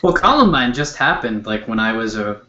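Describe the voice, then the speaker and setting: A man in his thirties chats casually, dry and unhurried, filling his pauses with "like" and "um". His voice sits at a middling pitch. The sound is roomy and dull, like lo-fi call audio. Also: very animated, bright, forceful tone. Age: 30s. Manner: dry, filler-heavy. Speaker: cartoonist co-host. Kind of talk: casual chat.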